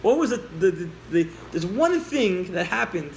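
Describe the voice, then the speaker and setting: A man teaching a class, telling a story with lively acted-out dialogue and questions to the listeners. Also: high voice, normal speed, vocal fry, a little hiss or hum, poor audio.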